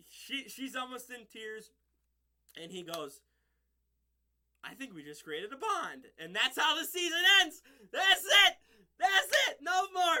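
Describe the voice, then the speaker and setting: Male show reviewer, high voice, very bright and sharp tone, rambling chat, laughs a lot. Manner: rambling, many fillers, laughs often. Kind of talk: casual solo review.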